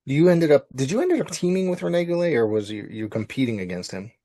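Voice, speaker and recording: A man hosting an interview, asking loose, halting questions with fillers. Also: medium pitch, very animated, dark tone. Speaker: interview host. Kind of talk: casual interview.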